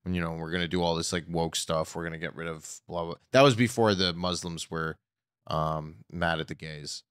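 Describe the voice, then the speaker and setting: A man's voice: deep voice, fairly even intonation, normal speed, a bit bright, clear, resonant tone, no echo, studio quality. A comedian guest on a podcast, a man chatting candidly in long, rambling anecdotes full of fillers. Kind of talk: casual podcast chat.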